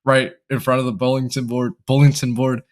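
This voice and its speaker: A man's voice: medium pitch, flat delivery, a little fast, darkish tone. A young man telling a school story time in a rambling way, with frequent laughs and restarts. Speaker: vlogger.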